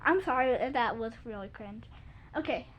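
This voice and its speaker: A woman's voice: on the high side, animated, moderate pace, a little hiss or hum. A young girl chattily explaining silly jumping tricks for her video, full of "like" and little sung bits. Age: child. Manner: chatty, giggly, lots of "like", sings silly bits. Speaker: kids' video host. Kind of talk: casual chat showing jump tricks. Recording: dull lo-fi home recording.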